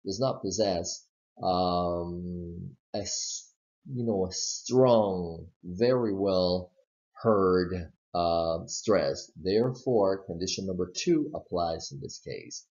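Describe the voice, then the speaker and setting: A man's voice: low voice, a little mellow, lo-fi sound. A man teaching English pronunciation, explaining stress step by step and modeling words for learners to repeat. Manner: slow, explaining step by step with spoken examples. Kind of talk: pronunciation lesson.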